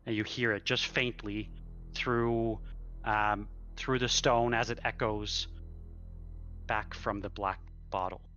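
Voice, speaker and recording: A man narrating a tabletop game as dungeon master, pausing often to search for words, heard over a dull, lo-fi online call. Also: lowish voice, fairly even intonation, bright, forceful tone, faint music behind.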